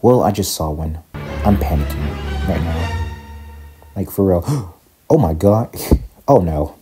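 A young man giving casual, excitable commentary while playing a block-building game, often panicking and talking to his viewers. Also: low voice, slow, music in the background. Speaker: gaming YouTuber. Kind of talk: casual Minecraft let's play commentary.

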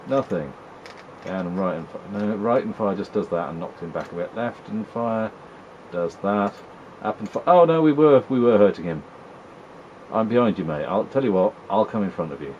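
A man's voice: fairly low pitch, expressive, moderate pace, lo-fi sound, slight background noise. A man giving wry, chatty commentary while playing an old video game, teasing the characters on screen. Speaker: retro gaming video host. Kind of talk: casual gameplay commentary.

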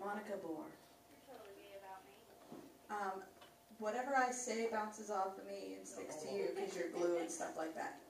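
A woman's voice: mid-range voice, unhurried, vocal fry, long pauses, reverberant, far from the mic, noisy background. A woman performing a crude, teasing rhymed roast poem at a comedy club, often laughing between lines.

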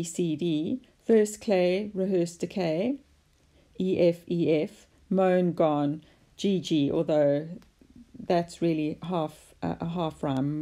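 A woman teaching a poetry lesson, explaining sonnet form in a measured way with occasional fillers. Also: lowish voice, warm tone.

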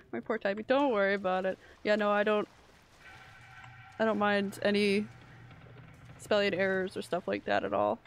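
A woman live-streaming a horror game, reacting excitably and chatting with her viewers as she plays. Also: mid-range voice, a little slow, gravelly, long pauses, a little hiss or hum. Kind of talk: live gameplay commentary.

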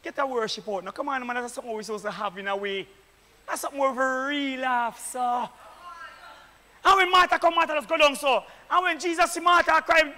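A man with a Jamaican accent, a deacon preaching fervently at a church meeting, often shouting. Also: extremely high pitch, a little fast. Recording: echoey church hall.

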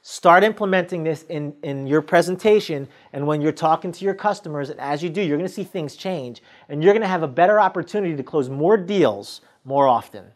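A man's voice: a little high, animated, a little fast, hardly any pauses. A man giving a motivational sales training talk, coaching the listener directly and acting out sales scenes with quoted dialogue.

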